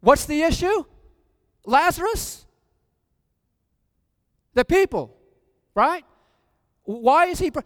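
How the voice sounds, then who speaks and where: A man preaching a sermon, reading scripture aloud and asking the congregation questions, rising to loud emphasis. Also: very high-pitched, animated, slow pace, pauses often. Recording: long reverb from a hall.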